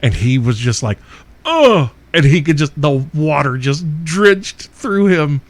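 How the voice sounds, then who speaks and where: A man's voice: a little high, unhurried, no room sound. A middle-aged man hosting a podcast, telling a wild story in a casual, profane way and laughing often as he goes. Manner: profane, laughs through his own story. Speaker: podcast host.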